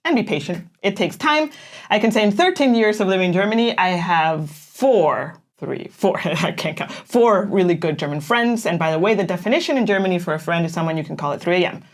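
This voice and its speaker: Woman, casual co-host, lowish voice, chatty, laughs a lot, many fillers. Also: lively intonation, fairly quick. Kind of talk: casual chat.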